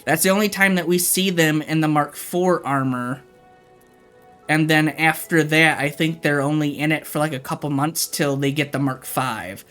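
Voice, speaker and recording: A man's voice: on the high side, fairly even intonation, moderate pace, bright, forceful tone, soft background music. A man livestreaming, ranting casually and profanely to his chat.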